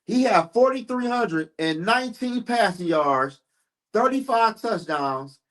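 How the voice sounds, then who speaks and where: A man's voice: high-pitched, lively intonation, a little slow, a bit bright. A man hosting a live sports stream, ranting heatedly and profanely while answering his chat.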